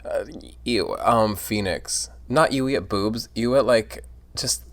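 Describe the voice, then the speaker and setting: A man's voice: fairly low pitch, takes it slowly, a bit bright, no room sound. A drunk man casually rambling and giggling through a let's play, reading the game's lines aloud.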